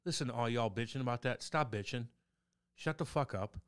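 A man's voice: medium pitch, moderate pace, clear, resonant tone. A man co-hosting a podcast in casual chat, joking around with rowdy, profane banter. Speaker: podcast co-host.

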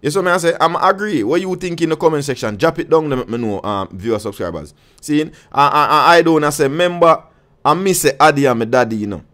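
A man's voice: fairly high pitch, animated, fast, a bit bright. A man with a Jamaican accent giving casual commentary on dancehall music to his viewers, speaking heavy patois, rambling with frequent restarts and checking in with his audience. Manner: patois-heavy, keeps asking "you see me I say".

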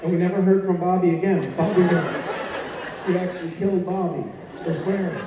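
A man's voice: high voice, fairly even intonation, brisk, a crowd in the background, noisy background. Man, panelist, amused storytelling, echoey hall, dull distant sound. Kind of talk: anecdotal storytelling. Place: convention hall stage.

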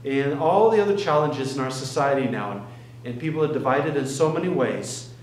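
A man preaching as a pastor, telling a story in an earnest way, with pauses and restarts. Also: medium pitch, lively intonation, reverberant, a little hiss or hum, poor audio. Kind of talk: sermon. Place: church sanctuary.

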